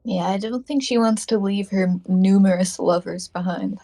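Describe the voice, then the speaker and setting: A woman's voice: medium pitch, normal speed, mellow. A woman playing a tabletop game, tentative and full of fillers. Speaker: player.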